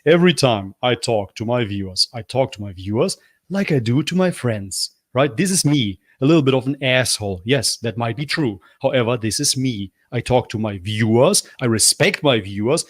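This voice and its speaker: A man's voice: animated, normal speed, dry recording, studio quality. Sarcastic man on a livestream. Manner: sarcastic, mocking, blunt; mocks with high, whiny put-on apologies. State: losing his voice. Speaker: livestream host reacting to a video. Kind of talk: live reaction commentary.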